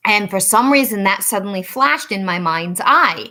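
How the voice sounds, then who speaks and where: A woman tells a story straight to camera in a casual, chatty way. Her voice is bright and clear, and it rises high whenever she acts out the things people said. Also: normal speed. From Rhode Island. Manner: animated, acts out quoted dialogue with rising pitch. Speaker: psychic reader and channel host.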